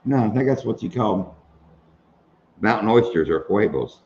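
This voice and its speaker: A man's voice: on the low side, lively intonation, normal speed, a little mellow, muffled recording. A man hosting a casual live stream, telling jokes and laughing at them. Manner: joking storyteller, laughs at own jokes.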